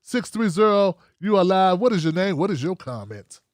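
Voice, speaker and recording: A man hosting a call-in show, talking in an animated, loose, slangy way and taking callers. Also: sits high, moderate pace, no room sound, clean studio sound. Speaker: host.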